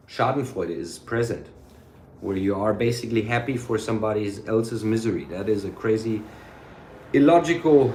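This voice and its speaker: Man, vlogger; loose, rambling and sweary, dark relaxed timbre, roomy echo. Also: lowish voice, a little hiss or hum. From United States. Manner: rambling, sweary, drops German phrases. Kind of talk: casual rambling monologue. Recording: echoey room.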